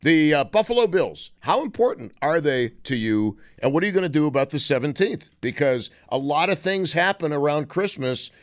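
A man's voice: on the high side, expressive, moderate pace, hardly any pauses. A man hosting a call-in sports radio show, chatting in a wry, sarcastic way and taking callers. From Western New York. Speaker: radio talk show host.

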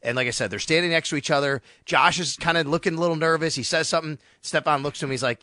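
A man's voice: a little high, fast talker, dry recording, studio quality. A man hosting a sports radio talk show, telling stories animatedly and acting out the quotes he retells. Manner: animated storytelling, acts out quotes.

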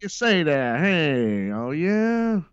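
A man's voice: fairly high pitch, very animated, drawn-out words, smooth, no room sound. A man hosting a podcast, speaking in a rambling, emphatic monologue that often breaks off and restarts. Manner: rambling, emphatic, self-interrupting. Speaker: podcast host and wrestling commentator. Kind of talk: casual monologue. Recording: dull lo-fi dry sound.

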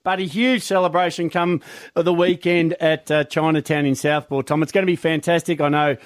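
A man co-hosting breakfast radio, upbeat and quick to laugh. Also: a little high, level tone, no room sound. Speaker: radio co-host.

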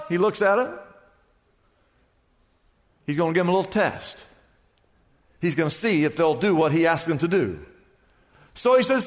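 High-voiced guy preaching, emphatic and chatty, lots of repeating, echoey church. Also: sing-song, a little slow, long pauses, a bit bright. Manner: emphatic, conversational preaching with repetition. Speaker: pastor. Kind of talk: sermon. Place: church sanctuary. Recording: long church hall reverb.

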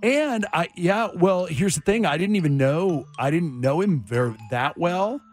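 A man's voice: a little high, a little slow, soft background music. A middle-aged man hosting a morning radio show, telling a story with lots of acted-out quotes and running a caller survey. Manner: animated storyteller acting out quotes. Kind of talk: casual radio banter and storytelling.

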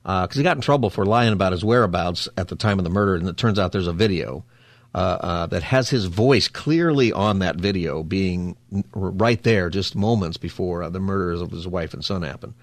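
Fast-talking, low-voiced male radio host. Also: no room sound. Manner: fast-talking, chatty, jokey asides. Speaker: radio talk show host. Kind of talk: casual radio talk. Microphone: studio microphone.

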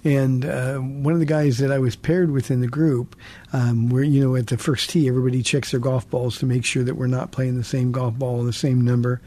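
A man's voice: mid-range voice, level tone, fairly quick, mellow. A man in his sixties hosting a call-in radio Bible show, earnest and repeating words as he restarts. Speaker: radio pastor and call-in host.

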